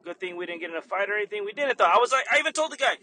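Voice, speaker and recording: A man's voice: high voice, animated, racing, sharp tone, slight background noise. A young man, a store manager, animatedly telling a story in a casual vlog, swearing freely and laughing often.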